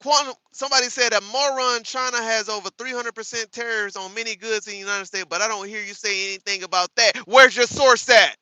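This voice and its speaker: On a dry, rough recording, a man streaming live reacts to clips and taunts his chat, swearing, picking fights and repeating lines for emphasis. His voice sits high, pushed and bright, with fairly even intonation, a quick pace and few pauses.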